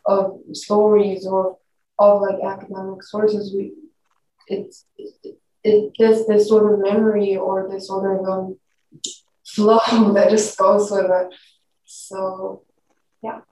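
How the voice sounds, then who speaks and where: Woman, non-native English speaker, halting, flat, mellow, roomy distant mic, faint ambience. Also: mid-range voice, slight background noise. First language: not English. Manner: halting, searching for words. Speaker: discussion participant. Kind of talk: casual group discussion.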